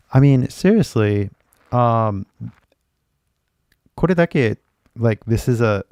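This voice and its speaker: A man's voice: medium pitch, animated, slow pace, darkish tone, no room sound, studio quality. A man who teaches English, talking loosely in a live-stream lesson with a slight American accent, full of "like" and "right?" and switching into Japanese now and then. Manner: loose and chatty, mixes Japanese into his English; filler-heavy, lots of "like" and "right?".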